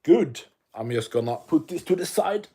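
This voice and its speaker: A man's voice: a little high, expressive, normal speed, dark tone, breathy edge. A Swedish man with a Swedish English accent, chatting casually and profanely on an MMA livestream while reading chat aloud. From Sweden.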